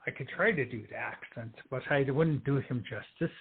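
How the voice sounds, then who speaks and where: A man on a poetry show, chatting in a quick, chatty way and reading poems aloud. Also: mid-range voice, slightly rough. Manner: chatty, quick, laughs between remarks. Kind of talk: casual chat and poetry reading. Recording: tinny phone line.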